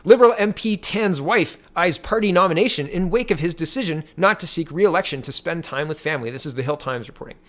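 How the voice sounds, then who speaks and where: A man runs his own political commentary show and reads posts and articles aloud. He sounds animated and indignant. His voice sits a little high for a man. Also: fast, hardly any pauses.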